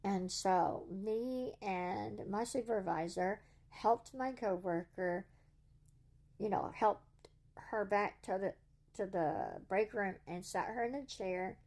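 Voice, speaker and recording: A woman's voice: mid-range voice, slow, darkish tone. A woman, earnestly telling a story to camera in a casual vlog and quoting what people said. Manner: earnest, retells dialogue in quotes. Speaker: vlogger.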